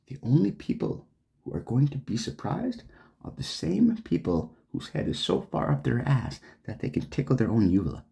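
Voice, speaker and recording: A man's voice: medium pitch, wildly swooping pitch, moderate pace, creaky, dark tone. Angry, swearing man ranting. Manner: swearing, heated, sarcastic. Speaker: vlogger. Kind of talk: angry profane rant.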